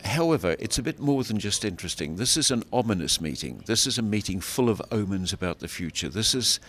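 A man's voice: fairly low pitch, very animated, a little fast, a bit bright, a little hiss or hum. An older man commenting in an interview, emphatic and reflective, with some restarts. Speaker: guest commentator. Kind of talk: interview answer.

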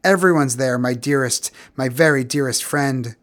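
A man voicing a bitter, legless older male street vendor in an audiobook, talking loudly in an anguished, pleading way. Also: a little high, normal speed, natural voice.

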